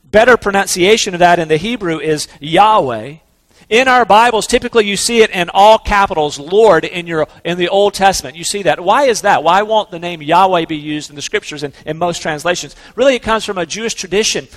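A man preaching a sermon in an earnest, conversational way, slowing down to stress key words. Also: sits high, fairly bright tone, big-room sound. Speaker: pastor.

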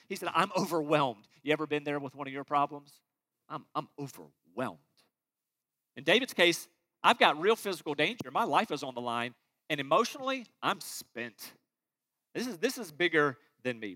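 A middle-aged man delivers a sermon with a high, bright, forceful voice. He preaches earnestly, pushing loud on key words and sinking into quiet, low asides. His tone stays sincere throughout. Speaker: pastor.

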